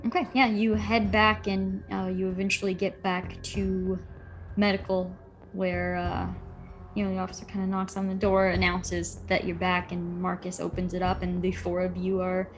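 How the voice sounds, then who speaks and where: A woman game master narrates a tabletop horror session in a relaxed, explanatory way. Her voice stays level, with little rise or fall, and faint music sits behind her. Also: fairly low pitch, moderate pace.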